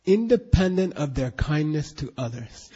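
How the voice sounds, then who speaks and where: A man's voice: on the high side, very animated, normal speed, mellow, husky. A man teaching a Buddhist class in an emphatic, questioning way, drilling students in recitation, on a dull lo-fi recording.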